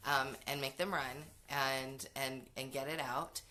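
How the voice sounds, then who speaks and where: A middle-aged woman talks through parenting advice in a casual, frank way, full of fillers and quick restarts. Her voice sits low for a woman yet sounds bright and forceful. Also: steady tone. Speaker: parenting educator hosting a show. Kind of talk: casual advice talk, answering comments.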